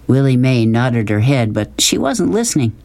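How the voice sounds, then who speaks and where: A man narrating an audiobook in a calm, even storytelling voice. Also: medium pitch, moderate pace, creaky. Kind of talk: scripted narration.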